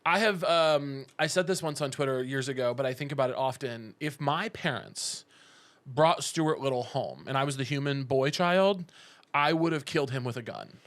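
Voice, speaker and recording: A man's voice: mid-range voice, moderate pace. A man hosting a podcast in casual comedic chat, ranting in jokes and swearing freely. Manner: animated, swearing, jokey rants. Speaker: podcast host.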